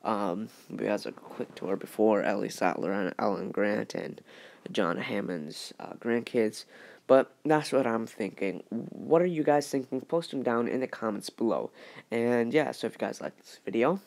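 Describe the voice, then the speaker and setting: A man talking through a fan theory in a casual vlog, halting and hesitant, with many fillers and restarts. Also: lowish voice, vocal fry, darkish tone. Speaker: YouTuber.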